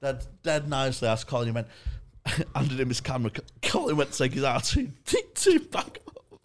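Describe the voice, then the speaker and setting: A man co-hosts a podcast in loose, casual chat, swearing freely as he spins an animated story. His voice sits at an ordinary middle pitch. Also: moderate pace. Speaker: podcast co-host.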